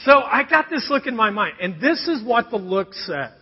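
A man's voice: very high voice, big pitch swings, moderate pace, husky. A man in his thirties telling a funny, self-mocking family story to a live audience, chatty and full of asides. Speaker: speaker addressing a congregation. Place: large hall with an audience. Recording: long hall reverb, dull sound.

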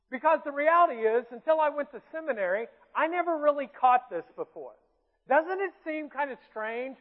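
A man's voice: very high voice, lively intonation, normal speed. A man with a Southern US accent preaching a sermon in a church, talking to the congregation in a conversational way, asking them questions and making light asides about himself. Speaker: pastor. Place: church sanctuary. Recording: tinny phone-like sound with long hall reverb.

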